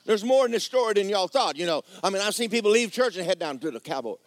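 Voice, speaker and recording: Animated preacher, man. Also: high voice, fast, no echo. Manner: animated, folksy, conversational, drops to quiet asides. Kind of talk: sermon with storytelling.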